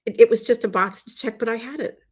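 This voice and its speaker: A woman's voice: a little high, fast, a little mellow, slightly rough. Earnest woman telling a story. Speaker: guest. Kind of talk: casual interview chat.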